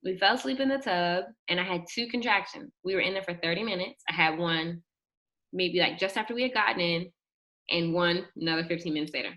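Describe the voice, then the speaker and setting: A young woman telling a personal story in an animated way, acting out the quotes and shrieking at the high points. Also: fairly quick. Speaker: guest telling her birth story.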